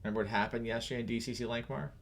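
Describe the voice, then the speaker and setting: Young male co-host, mid-pitched, ribbing his partner, easygoing stream chatter. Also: fairly even intonation, rapid-fire, gravelly, a bit bright, slight background noise. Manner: teasing, loose and rambling. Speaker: podcast co-host. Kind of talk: casual livestream chat.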